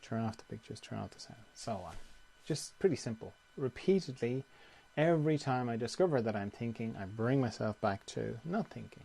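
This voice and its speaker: A man teaching meditation in a calm, conversational way, often repeating phrases. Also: mid-range voice, normal speed, gravelly, slightly rough. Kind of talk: guided meditation talk.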